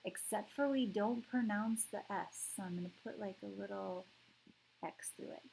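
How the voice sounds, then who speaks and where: A woman's voice: medium pitch, normal speed, creaky, darkish tone, a little hiss or hum, rough recording. A woman teaching a language lesson, explaining step by step with patience and repeating words so learners can say them along. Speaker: French teacher.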